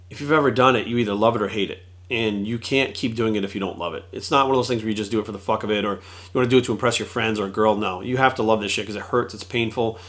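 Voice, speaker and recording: A middle-aged man, a former pro wrestler, telling a story in a casual vlog, swearing freely and acting out quotes. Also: on the low side. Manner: fast, profane, animated retelling with acted quotes.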